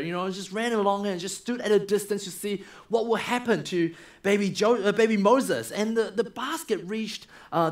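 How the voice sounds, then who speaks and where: A man in a church, preaching a sermon by retelling a story and acting out its scenes. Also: sits high. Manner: animated, acts out the story. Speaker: minister.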